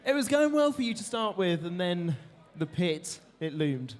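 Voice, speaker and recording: Encouraging male arena host, slightly high voice, reverberant hall. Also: sing-song, moderate pace. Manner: encouraging, showman announcing. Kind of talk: post-fight interviews and announcements.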